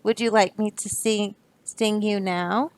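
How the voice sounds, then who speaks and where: A woman voicing a pushy, sly bee in a picture book read-aloud, with a gravelly edge and wheedling offers. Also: medium pitch, steady tone, a little slow, no echo, natural voice.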